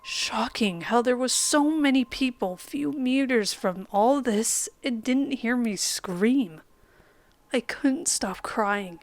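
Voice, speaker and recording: A woman reading a true horror story as a measured, dramatic narrator who sometimes drops to a whisper. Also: on the high side, lively intonation. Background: faint background music.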